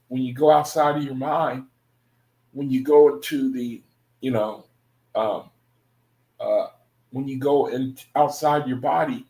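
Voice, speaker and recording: A man's voice: medium pitch, warm tone. Laid-back man reading scripture, echoey room. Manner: laid-back, laughs often, says "man" and "you know". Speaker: religious study group reader. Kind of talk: casual scripture reading with commentary.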